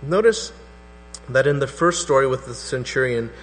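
A man preaching a sermon as pastor, animated and acting out skeptical voices. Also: medium pitch, moderate pace. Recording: hall reverb with faint mains hum.

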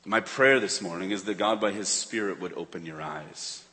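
A man preaching a sermon in a church, earnest, swinging between urgent emphasis and hushed tones. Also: low voice, normal speed. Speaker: pastor. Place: church sanctuary. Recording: long reverb of a church hall.

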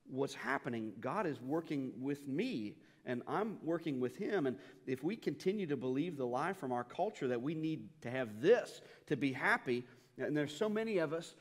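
Guy pastor preaching in a church, kinda high voice, big echoey hall, chatty and goes soft then loud. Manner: conversational, repeats words when starting sentences, swings between soft and loud. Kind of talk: sermon. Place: church sanctuary. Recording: long hall reverb in a church.

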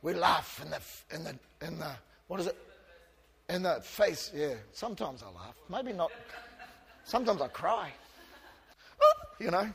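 A pastor preaching a passionate sermon, shifting from soft, quiet asides to loud outbursts, and joking about himself with the congregation. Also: male voice, a little high, huge pitch swings, a little slow, creaky, pauses often. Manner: self-deprecating humour with the congregation. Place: church. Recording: long reverb of a church hall.

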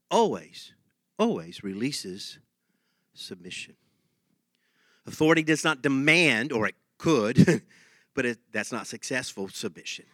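A man's voice: a little high, pushed and bright, no echo, studio quality. A man preaching a sermon as pastor, telling a story animatedly, laughing often and acting out the scenes.

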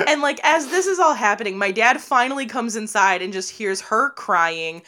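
A young woman spins a funny family tale in casual conversation. Her delivery is animated, often breaking into laughter, and she slips into quick impressions of the relatives she quotes. Her pace jumps around between rushed asides and slow, stretched punchlines. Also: on the high side. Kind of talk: casual storytelling chat.

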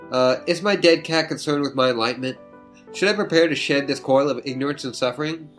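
A dry, sardonic young woman , voiced by a reader, speaking in long, ironic, wordy sentences. Mid-pitched and even, with faint music behind. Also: fairly quick, lightly acted.

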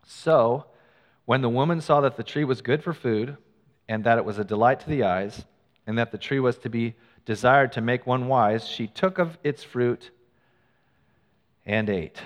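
A man preaching a sermon in a church, his voice at a middle pitch. He moves between reading scripture and talking plainly to the congregation, with self-deprecating asides. A long hall reverb trails after his words. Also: unhurried. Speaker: pastor.

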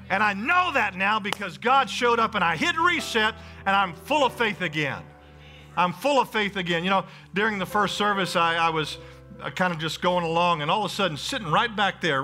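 Bright, emphatic preaching man. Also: high-pitched, rough recording. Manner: emphatic preacher, calls out to the congregation. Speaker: pastor. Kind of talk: sermon. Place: church sanctuary before a congregation.

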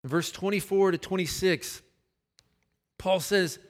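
A man's voice: high voice, unhurried. A man, a pastor, preaching a sermon in a conversational storytelling way, repeating words for emphasis.

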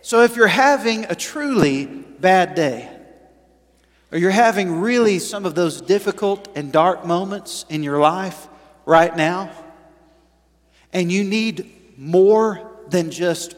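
A man preaching a sermon to his congregation, chatty and full of questions, swinging from quiet asides to loud emphatic points. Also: high voice, animated, slow pace. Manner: conversational, asks the congregation questions. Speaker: pastor. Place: church sanctuary. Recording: reverberant church hall.

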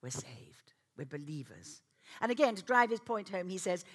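Lively, laughing woman preacher. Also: on the low side, normal speed. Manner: animated, self-mocking humour, laughs often. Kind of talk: sermon.

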